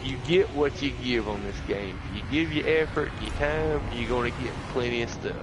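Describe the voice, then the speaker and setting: A man hosting a casual gaming livestream, excitable and folksy, laughing often. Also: mid-range voice, normal speed, over loud music. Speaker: livestream host.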